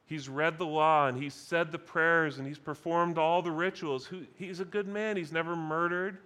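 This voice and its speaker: A man preaching a sermon at a conference, deliberate and emphatic, repeating key phrases for weight. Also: a little high, fairly even intonation, bright, forceful tone. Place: conference session.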